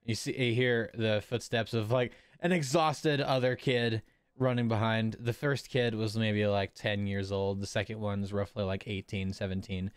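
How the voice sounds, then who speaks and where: A man's voice: fairly low pitch, steady tone, normal speed, smooth, no room sound, clean studio sound. Casual man narrating a tabletop game. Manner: casual, filler-heavy narration. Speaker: game master.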